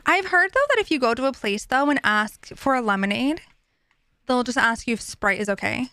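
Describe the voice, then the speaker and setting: High-voiced chatty woman streamer. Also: lively intonation, a little fast, smooth, no room sound, studio quality. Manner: chatty, filler-heavy, warmly sympathetic to viewers. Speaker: streamer reading chat. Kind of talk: casual live-stream chat.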